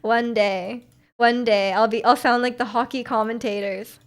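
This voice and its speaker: A Canadian woman streamer chats casually with her viewers, reading their comments aloud. Her voice is fairly high and steady at a moderate pace, and she's bubbly and giggly, often starting her sentences over.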